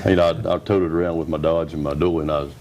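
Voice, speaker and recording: A man's voice: a bass voice, little pitch movement, very fast, darkish tone, slight background noise. A man from the American South, a trucking guest, chatting casually. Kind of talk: casual chat.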